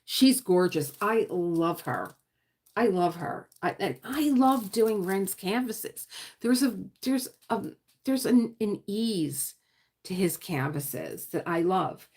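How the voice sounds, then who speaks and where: Chatty woman with a gravelly voice. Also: mid-range voice, lively intonation, takes it slowly, darkish tone. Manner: chatty, rambling, often trails off and searches for words. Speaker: diamond painting livestream host. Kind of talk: casual live-stream chat.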